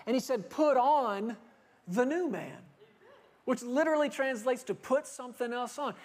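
A male pastor preaching a sermon to a congregation, telling lively stories and acting out dialogue with humor. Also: extremely high pitch, normal speed. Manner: animated storytelling preacher, acting out dialogue with laughter.

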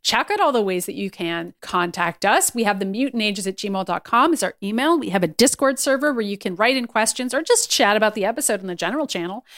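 A woman co-hosting a podcast in casual chat, talking quickly and giggling often. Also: medium pitch, expressive, fairly bright tone, no room sound, clean studio sound. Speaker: podcast co-host.

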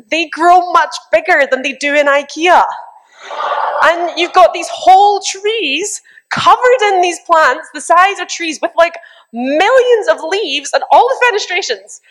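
Lively young woman preaching. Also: on the high side. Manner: lively, animated storytelling with mimicked exclamations. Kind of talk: sermon.

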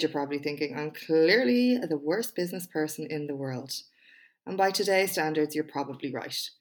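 A woman hosting her own podcast, chatting frankly and with self-deprecating humour before reading a speech of hers aloud in an emphatic style. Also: sits low. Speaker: podcast host and small business owner.

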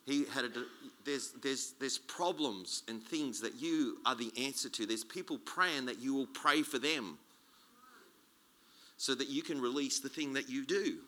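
A man preaching a sermon as a guest speaker, chatty and animated, joking and restarting his sentences. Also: mid-range voice, unhurried. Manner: animated, conversational, jokey preaching with many restarts.

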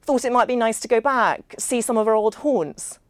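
An anxious man keeps his tone jolly while straining to please the table, as a woman narrator voices him. Her voice rises above its usual reading pitch, and it is recorded dry and close. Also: normal speed, no echo, natural voice. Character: eager, anxious-to-please male dinner guest.

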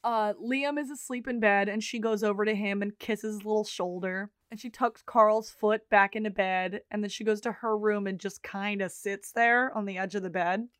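A woman's voice: medium pitch, steady tone, moderate pace, few pauses, a bit bright, smooth, no echo, clean studio sound. A woman co-hosting a podcast, casually recapping TV scenes and acting out the characters' lines, with some swearing. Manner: retells scenes with quoted dialogue, swears casually. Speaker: podcast co-host.

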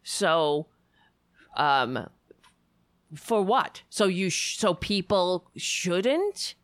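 Sarcastic woman ranting, slow and dry. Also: sing-song, dry recording. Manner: sarcastic, mocking, with high mimicking voices. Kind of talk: casual political commentary.

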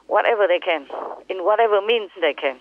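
A woman's voice: mid-range voice, lively intonation, a little fast, dry recording. Impassioned woman on a tinny phone line. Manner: impassioned, repetitive, emphatic. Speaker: spiritual teacher. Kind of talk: phone call with disciples. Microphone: telephone.

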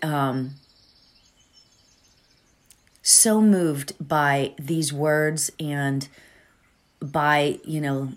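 An earnest woman talks in a slow, unhurried way as she leads into a meditation, her voice sitting fairly low. She often checks in with her listeners by asking "right?". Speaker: meditation guide. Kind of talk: reflective talk before a guided meditation.

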